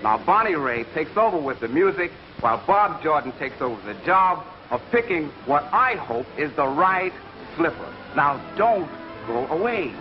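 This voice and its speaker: A man playing a show announcer, with smooth showman patter from a 1940s film. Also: on the high side, big pitch swings, normal speed, hardly any pauses, soft background music. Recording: dull hissy 1940s film sound.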